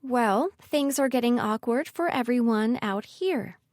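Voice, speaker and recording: A woman voicing a lively, dramatic woman in her thirties, a former singer, in an audiobook. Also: fairly high pitch, unhurried, no echo, clean studio sound. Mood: exasperated. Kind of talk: audiobook character voice.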